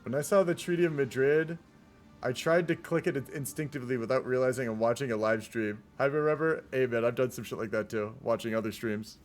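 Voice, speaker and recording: A man's voice: medium pitch, fairly quick, soft background music. Laid-back man rambling over a strategy game. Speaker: streamer casting a multiplayer strategy game. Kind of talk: casual live game commentary.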